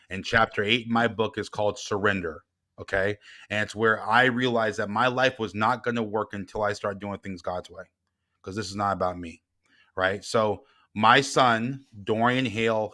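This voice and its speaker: A middle-aged man with a fairly low voice, appearing as a guest and author, tells a personal story in a casual way. He moves between quiet reflection and heated retelling.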